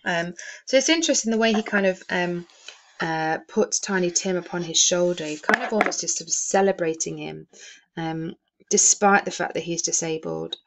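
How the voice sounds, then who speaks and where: Low-voiced teacher, lots of ums. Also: female voice, moderate pace, fairly bright tone. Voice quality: frequent "um" fillers, explanatory. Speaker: English teacher. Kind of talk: explaining a novel in a recorded lesson.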